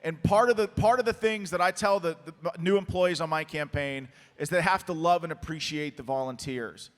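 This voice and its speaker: A man running for office, talking as a guest on stage, his voice going hoarse, with an emphatic, rallying manner. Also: brisk. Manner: emphatic rallying campaign pitch. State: losing his voice. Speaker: political candidate, interview guest. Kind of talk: live on-stage conversation. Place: conference hall with an audience. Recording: long hall reverb.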